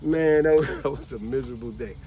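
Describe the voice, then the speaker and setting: A man, hosting a casual vlog and telling a family story in a lively way. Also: mid-range voice, brisk, slight background noise. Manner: lively, animated, laughs while telling. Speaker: vlog host.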